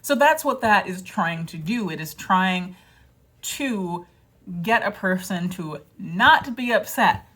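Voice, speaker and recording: Speaking slowly in a mid-range voice with lively intonation and a sharp tone, a woman vlogger chats casually to camera. She's self-deprecating and rambling, with many fillers and restarts, and she lapses into quoted voices.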